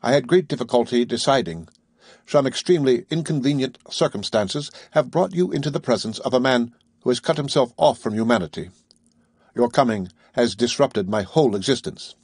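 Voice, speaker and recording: A man reading the lines of an aloof, commanding ship's captain in an audiobook, calm, measured and penetrating. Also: mid-range voice, husky, no room sound, studio quality.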